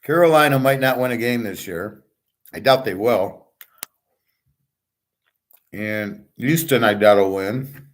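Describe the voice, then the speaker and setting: Male betting-show host, mid pitch, casual profane rambler giving picks. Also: slow pace, long pauses.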